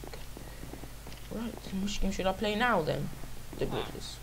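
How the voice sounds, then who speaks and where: A woman with a rough voice giving casual, self-mocking commentary while playing a video game, often exclaiming at the action. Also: medium pitch, lively intonation, moderate pace, pauses often, background noise. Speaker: gamer.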